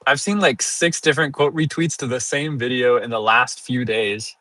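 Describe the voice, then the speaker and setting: A young man chats loosely on a livestream, wandering from one thought to the next and laughing at himself. His voice is bright and forceful, close to the mic in a dry, dead room. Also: medium pitch, steady tone, normal speed, dry recording. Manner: rambling and self-amused, laughing often. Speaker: streamer. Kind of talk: casual livestream chat.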